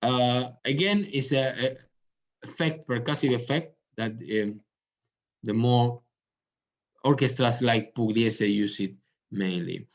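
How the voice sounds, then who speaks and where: A man of middle pitch explains tango music in an unhurried, halting way, stopping to find his words. He sings rhythm patterns out loud with syllables. The recording is dull and lo-fi. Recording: dull lo-fi sound.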